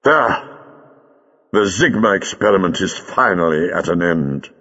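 A man voicing an eccentric, brisk male time traveller who speaks in a commanding way, on a dull lo-fi recording. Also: deep voice, lively intonation, bright, forceful tone, breathy edge, long reverb tail, exaggerated voice.

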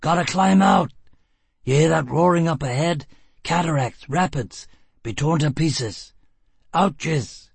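A man voicing a tough, blunt, determined man who talks in gruff, clipped bursts. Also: fairly high pitch, unhurried, dry recording, voice pushed up, full character voice. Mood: shouting. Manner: gruff, clipped and rough-spoken.

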